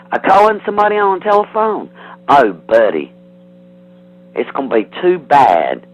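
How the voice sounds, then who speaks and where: A man's voice: on the high side, huge pitch swings, moderate pace, long pauses. A man on a heated phone call, defensive and threatening, rambling with restarts. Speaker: prank call target. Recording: tinny phone line, faint hiss.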